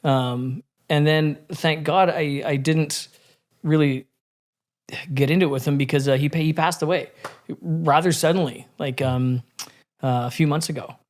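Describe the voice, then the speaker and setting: A man's voice: on the high side, steady tone, unhurried. A man in casual podcast conversation, telling a candid story with frequent swearing and many restarts.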